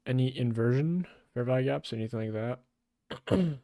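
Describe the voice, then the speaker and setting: A young man giving casual, excitable live trading commentary, swearing often and calling people "bro". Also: mid-range voice, normal speed, no room sound, studio quality. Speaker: day trader.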